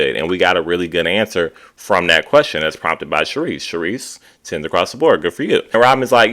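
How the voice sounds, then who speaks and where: A man gives casual commentary on a reality show, chatty and animated. His voice sits low but has a bright, forward edge. He keeps dropping into short quoted impressions of the cast as he recaps. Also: a little fast, hardly any pauses. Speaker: reality TV reviewer.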